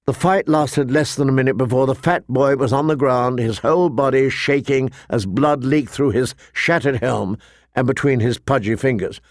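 A man narrating a fantasy novel in a measured, steady storytelling voice. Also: medium pitch, no room sound, clean studio sound. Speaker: audiobook narrator.

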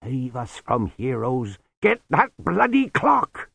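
A man reading aloud, putting on a gruff, bossy old male sweeper who calls people lad. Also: high-pitched, wildly swooping pitch, moderate pace, no echo, voice pushed up, exaggerated voice. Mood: strained. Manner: commanding, blunt, calls others lad.

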